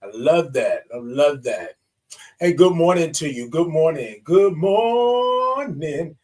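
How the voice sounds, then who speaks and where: Warm, animated and slightly high, this man's voice moves at a measured pace and is recorded from a distance. He's the host of a morning livestream, lively in his greetings, singing drawn-out good mornings and calling viewers y'all and baby.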